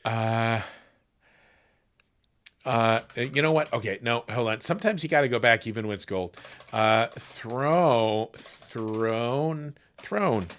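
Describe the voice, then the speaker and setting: A man hosting a casual livestream chat into a desk microphone, rambling and halting with lots of fillers and restarts. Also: mid-range voice, fairly bright tone. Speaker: livestream host.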